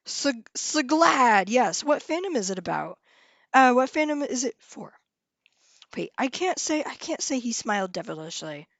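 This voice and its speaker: A young adult woman hosting a casual live stream. She talks with viewers in a bubbly, excitable way, often trailing off, starting over and laughing. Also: high-pitched, a little slow, no echo. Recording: dull lo-fi sound, dry room.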